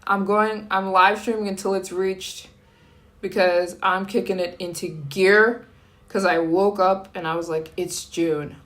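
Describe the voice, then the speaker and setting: A woman's voice: mid-range voice, fairly even intonation, measured pace, a bit bright. A young American woman chatting casually on a live stream, greeting and thanking viewers as they join. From United States. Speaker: travel vlogger live streaming.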